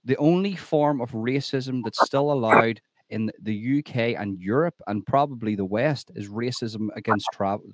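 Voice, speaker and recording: A male podcast host with a mid-range voice makes his case in an emphatic, opinionated way. He often repeats himself to press a point home. The sound is dry and close, with no room echo. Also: medium pitch. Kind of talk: conversational interview.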